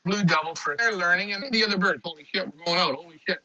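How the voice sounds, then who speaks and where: A man talking loudly to his pigeons as he shows his loft on a live phone stream. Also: high voice, quick pace. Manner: loud, talks to his birds. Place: pigeon loft, outdoors nearby. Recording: dull lo-fi stream audio.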